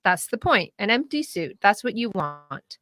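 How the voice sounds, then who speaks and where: A woman talking casually about politics as a podcast guest, animated and laughing often, with frequent restarts. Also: mid-range voice, a little slow.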